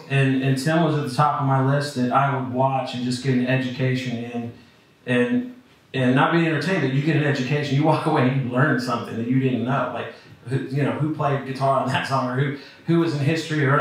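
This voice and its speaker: A man giving a rambling, heartfelt tribute, halting and restarting often. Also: mid-range voice. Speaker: comedian paying tribute. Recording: echoey room from far off.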